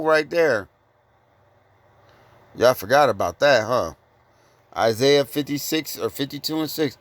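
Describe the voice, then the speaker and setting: A man preaching informally from scripture, confronting listeners with blunt rhetorical questions and reading verses slowly. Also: on the high side, clear, resonant tone, no echo. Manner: repeated rhetorical questions, "guess what?"; reads verses slowly and deliberately.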